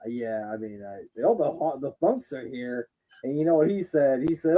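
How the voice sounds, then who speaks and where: A man's voice: medium pitch, moderate pace, lo-fi sound. A young man co-hosting a podcast, chatting casually and laughing a lot while watching wrestling. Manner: laughing, joking, animated with crude impressions. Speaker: podcast co-host.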